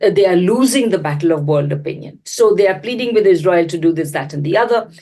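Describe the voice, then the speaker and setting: A woman giving measured political commentary, explaining her points at length and often restarting a sentence. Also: fairly low pitch, lively intonation, warm tone. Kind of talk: analytical commentary.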